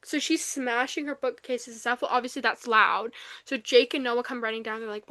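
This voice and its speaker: A young woman co-hosting a podcast, recapping a novel in casual chat, animated and full of fillers, acting out the lines she quotes. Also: fairly high pitch, moderate pace, no echo. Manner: animated retelling, acts out quotes, many fillers. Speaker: podcast co-host. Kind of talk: casual book review chat.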